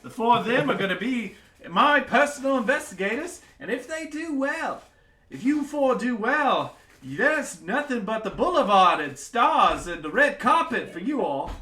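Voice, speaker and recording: A man voicing a boisterous, flamboyant male king who makes loud, showy, drawn-out proclamations. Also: very high voice, very animated, echoey room, pitched above the performer's own voice, full character voice.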